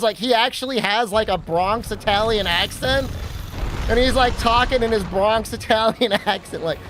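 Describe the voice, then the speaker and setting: On a livestream, a man with a high, fairly bright voice chats casually at a moderate pace, meandering through a self-deprecating story. He speaks into a desk mic, with a clear layer of background noise underneath.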